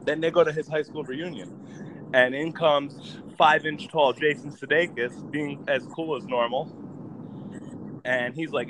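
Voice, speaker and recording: A man's voice: medium pitch, normal speed, background noise. A man casually retelling a movie plot to friends, rambling and swearing freely. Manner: profane, rambling storytelling. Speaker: podcast co-host.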